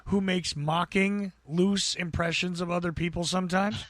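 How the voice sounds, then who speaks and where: A man's voice: sits high, fairly even intonation, moderate pace, a bit bright, no room sound. A man with a New Jersey accent, co-hosting a podcast in a chatty, rambling way and laughing as he talks. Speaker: podcast co-host. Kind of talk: casual chat.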